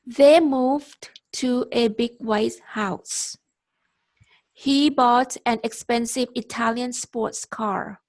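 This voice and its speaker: Slow, careful woman reading sentences. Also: on the high side, steady tone. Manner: careful, halting reading with self-corrections. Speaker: student. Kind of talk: reading example sentences aloud in a lesson. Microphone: video call.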